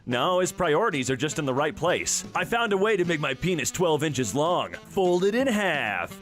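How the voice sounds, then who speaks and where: A man's voice: a little high, animated, normal speed, a bit bright, soft background music. A man giving comedic commentary, reacting sarcastically and animatedly, with bursts of laughter. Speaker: YouTube commentator.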